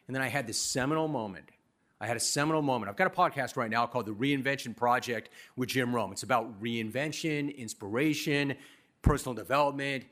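A middle-aged man from Los Angeles giving a commencement speech, telling his story in a punchy, self-deprecating, animated way. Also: medium pitch, a little fast. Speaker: commencement speaker. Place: university commencement ceremony.

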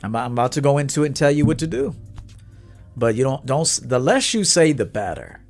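A man's voice: mid-range voice, sing-song, a little fast, creaky, a little mellow, soft background music. A man, a dating coach talking bluntly and with swagger to viewers on a livestream.

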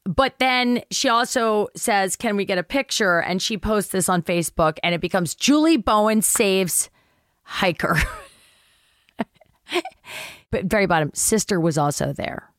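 A woman's voice: mid-range voice, unhurried, no room sound, studio quality. A middle-aged woman, an actress guest on a podcast, telling a casual anecdote and acting out the voices of the people in it, with some swearing. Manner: animated storyteller acting out quotes, swears casually.

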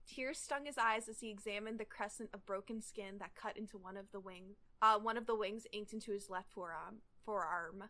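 A woman's voice: medium pitch, fairly quick, hardly any pauses, pushed and bright. A young woman hosting a casual fan podcast, gushing enthusiastically and reading fan fiction aloud. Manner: enthusiastic, gushing, filler-heavy. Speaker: podcast host.

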